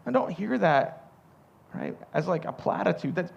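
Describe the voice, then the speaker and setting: A man's voice: sits high, sing-song, moderate pace, vocal fry, breathy edge, dull audio. A man with a Southern US accent preaching a sermon in a conversational way, often repeating words as he restarts a thought. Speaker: pastor.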